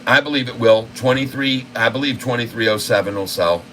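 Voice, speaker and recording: A man hosting a stock market livestream, giving casual, excited commentary and talking to his viewers as folks. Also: medium pitch, a little fast, slight background noise, rough recording.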